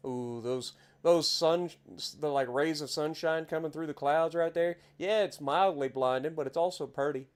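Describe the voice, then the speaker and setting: Appalachian guy chatting away while he streams a truck game, voice sits a bit high, gets worked up over the views. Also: moderate pace, few pauses. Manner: chatty, easily excited, exclaims at scenery. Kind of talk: casual gameplay commentary.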